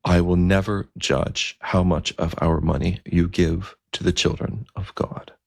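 A man's voice: sits low, steady tone, a little slow, vocal fry, slightly rough, no room sound, studio quality, heavily acted. A man voicing a humble medieval king in a retold story, questioning in an earnest way.

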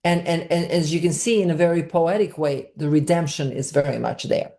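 Woman filmmaker, low-pitched, earnest interview guest who explains at length and circles back over her words. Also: fairly even intonation, brisk, mellow. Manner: long, searching explanations with frequent repeats.

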